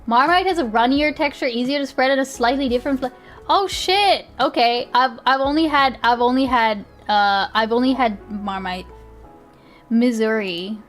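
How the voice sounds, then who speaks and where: Young woman streaming, kinda high voice, rambly and giggly, swears casual, faint music behind. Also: normal speed, fairly bright tone. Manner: rambling, chatty, laughs often, swears casually. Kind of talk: casual live-stream chat.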